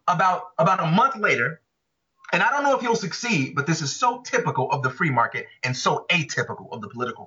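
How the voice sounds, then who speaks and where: A man's voice: fairly high pitch, sharp tone. A man co-hosting a podcast, arguing his views in passionate, emphatic casual talk. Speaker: podcast co-host. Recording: dull lo-fi audio.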